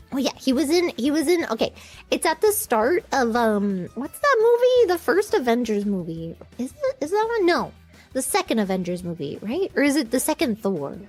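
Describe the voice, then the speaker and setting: A woman's voice: high-pitched, darkish tone. A woman streamer telling a story in a casual, rambling way, often giggling and restarting her sentences.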